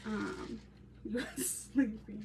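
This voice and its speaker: A woman's voice: on the high side, steady tone, extremely slow, creaky, a little mellow. Chatty woman crafting on a live stream. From Ohio, USA. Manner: chatty, laughs often, talks to viewers and chat. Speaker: crafting channel host. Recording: slightly distant mic with faint background noise.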